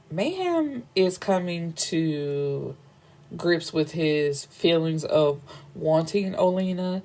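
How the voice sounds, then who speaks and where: Brief: woman book podcaster, lowish voice, lively slangy recap, curses freely. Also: very slow, long pauses. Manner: animated, slangy, swears freely, laughs at the story.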